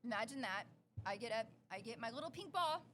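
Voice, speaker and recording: A woman's voice: fairly high pitch, fairly quick, slight background noise. A young adult woman co-hosting a podcast, telling a story in casual chat and acting out the quotes. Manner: animated, acts out quotes. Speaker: podcast co-host.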